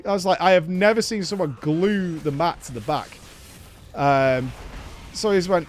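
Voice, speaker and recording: A man chatting casually with his live-stream chat, telling a story with lively, acted-out dialogue and casual swearing. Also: sits high, normal speed, soft background music.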